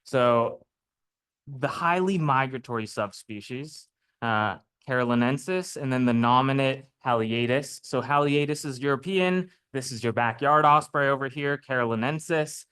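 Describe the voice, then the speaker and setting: A man giving a chatty, lively talk to a live audience as a naturalist, often checking in with "right?" and "okay?". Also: mid-range voice, normal speed, smooth. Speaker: naturalist speaker. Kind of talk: public lecture with slides. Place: lecture room before a live audience.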